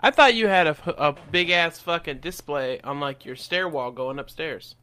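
A man's voice: a little high, normal speed, pushed and bright, clean tone. A man chatting as a guest on a podcast, teasing and cutting in with profane remarks. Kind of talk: casual chat.

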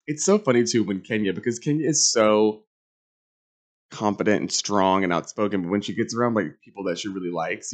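A young adult man hosting a reality TV recap, talking in a sassy, campy, animated way with big swings in pitch. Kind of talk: casual recap monologue.

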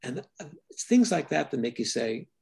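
An older man with a gravelly, husky voice answers interview questions about his own work. He speaks thoughtfully, often stopping and restarting his sentences. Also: medium pitch, big pitch swings, normal speed, a little mellow. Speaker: filmmaker guest.

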